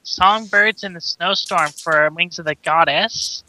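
Very bright-voiced podcast guest. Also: medium pitch, measured pace, low-quality recording. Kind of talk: casual gaming chat.

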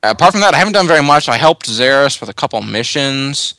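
Tipsy bright-voiced male podcast host. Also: medium pitch, animated, fast talker, dry recording. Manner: loose, rambling, tipsy. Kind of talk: casual drunk chat.

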